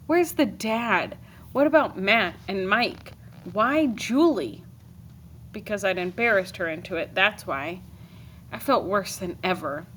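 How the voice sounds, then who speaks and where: A woman teacher reading a novel aloud to her class, expressive with dry comic timing. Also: medium pitch, slight background noise.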